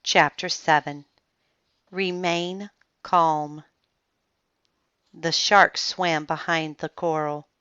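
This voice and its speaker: A woman reading a children's book aloud in slow, clear storytelling. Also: low voice, fairly even intonation, a bit bright, no room sound. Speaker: reader. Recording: dull lo-fi sound, dry.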